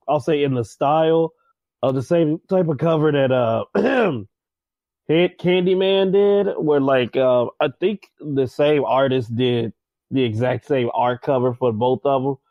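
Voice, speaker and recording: A man's voice: mid-range voice, unhurried, no echo, lo-fi sound. A man co-hosting a podcast in casual chat, rambling, joking and swearing. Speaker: podcast co-host.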